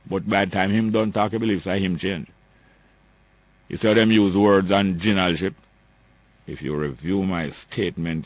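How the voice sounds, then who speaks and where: Jamaican male host, ranting political commentary, low-pitched, repeats himself for emphasis. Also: no room sound. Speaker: talk show host.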